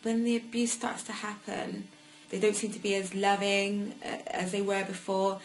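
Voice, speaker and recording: A young woman, sharing her personal story haltingly, with many fillers and restarts. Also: medium pitch, little pitch movement, poor audio. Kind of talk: personal testimony.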